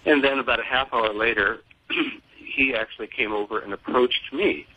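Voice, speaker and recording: Older man, interview guest, bright tone, measured pauses, deliberate. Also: medium pitch, slightly rough, poor audio. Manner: measured, deliberate, pausing with fillers. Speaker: guest, father of a fallen serviceman.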